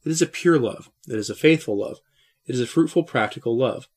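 A man preaching a Catholic-style sermon in a solemn, measured oratorical manner, full of rhetorical questions and addresses to his listeners. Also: medium pitch, expressive, darkish tone, husky.

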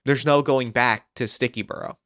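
A man's voice: mid-range voice, fairly even intonation, moderate pace, a bit bright, dry recording, clean studio sound. A man in casual chat, thinking aloud and building on ideas with lots of "like" fillers.

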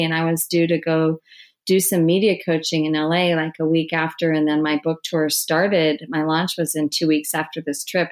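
A middle-aged woman, an author, telling her story in an interview with frequent restarts and soft laughs. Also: low-pitched. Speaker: author guest.

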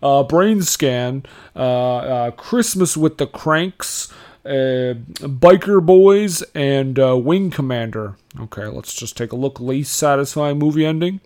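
A man impersonating a male action star who is loud, confrontational and fakes an American accent. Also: medium pitch, steady tone, moderate pace, natural voice. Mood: brash.

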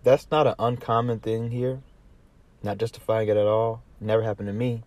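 Southern guy from atlanta, lowish voice, just rambling and cussing through some celeb gossip. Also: flat delivery, normal speed, a little mellow, dry recording. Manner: rambling, profane, many restarts, laughs easily. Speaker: commentary vlogger. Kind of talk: casual commentary.

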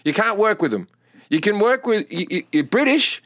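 A middle-aged Australian man, a comedian chatting casually and crudely, full of jokes and quick impressions. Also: sits high, sing-song, fairly bright tone, dry recording, clean studio sound. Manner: crude, joking, lots of impressions. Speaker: comedian guest. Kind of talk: casual chat.

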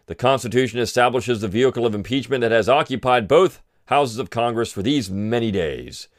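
A man's voice: medium pitch, expressive, no room sound, studio quality. A middle-aged man hosting a podcast, giving sarcastic political commentary and pretending to choke up with tears. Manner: mock-tearful, sarcastic pauses. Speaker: podcast host.

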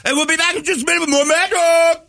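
A sports radio host who shrieks at the top of his lungs. The voice is piercing and pushed way up high, bright and hard, with no room around it. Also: steady tone, fast, gravelly, dry recording, clean studio sound, full character voice. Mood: bellowing.

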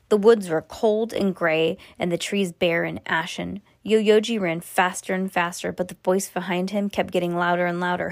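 Woman reading aloud at bedtime, unhurried and expressive, dry close sound. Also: on the low side, creaky, dry recording. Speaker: parent reading a bedtime story to children. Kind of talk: bedtime story read aloud. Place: home at bedtime.

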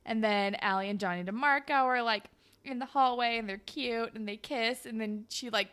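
Woman podcast co-host, higher voice, lively recap, jumps into characters' lines. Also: normal speed, smooth. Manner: animated, acts out characters' lines in bursts. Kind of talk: casual chat recapping a TV episode.

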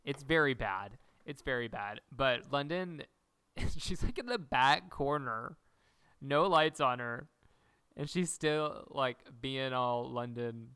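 A man's voice: medium pitch, slow pace, clean tone, no room sound. A young man co-hosting a podcast, casually recapping a TV episode and acting out the characters' lines as he retells it. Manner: animated storyteller acting out quotes. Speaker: podcast co-host.

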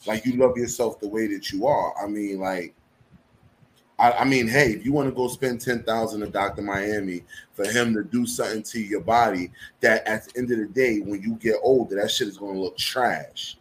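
A man's voice: lowish voice, fairly even intonation, moderate pace, slight background noise, rough recording. Candid slangy man on a podcast. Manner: candid, slangy, swears freely. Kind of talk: casual chat.

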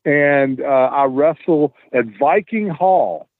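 Man, animated storyteller, lively delivery, tinny dry line. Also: fairly high pitch, slow, no echo. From Tennessee, US. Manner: animated, acts out the dialogue. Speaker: guest, wrestler. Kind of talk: casual storytelling.

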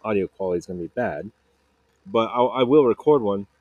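A man's voice: on the low side, lively intonation, a little fast, no room sound, narrow, tinny audio. A man in his thirties hosting a podcast, telling a personal story casually, stumbling over repeated words and fillers. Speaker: podcast host.

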